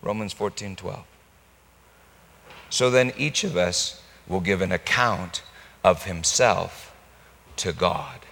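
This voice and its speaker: Slow-paced male preacher in a reverberant hall. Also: vocal fry. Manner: dramatic storytelling, bursts into loud high-pitched mock pleading. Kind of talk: sermon.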